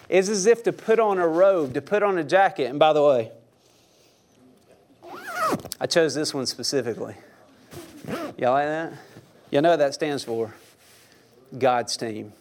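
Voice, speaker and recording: A young man preaching a sermon in a church with a fairly high voice. He talks loosely and jokes, and keeps turning to the congregation with questions. His delivery is conversational rather than formal. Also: a little slow, pauses often, darkish tone. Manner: conversational, joking, asks the audience questions. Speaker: pastor.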